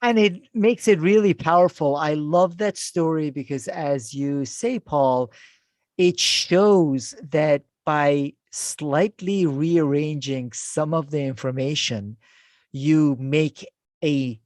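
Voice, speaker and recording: A man hosting a leadership podcast, speaking in a measured way with many "uh" fillers. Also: a little high, darkish tone, dry recording, clean studio sound. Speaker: podcast host. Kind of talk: podcast interview.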